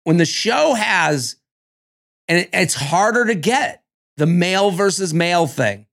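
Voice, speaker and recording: A man co-hosting a podcast, chatting casually about a reality dating show, animated and cussing, now and then acting out cast members. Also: high-pitched, measured pace, vocal fry. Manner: animated, swearing, acts out cast members in exaggerated voices. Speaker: podcast co-host. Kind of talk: casual reality-TV recap chat.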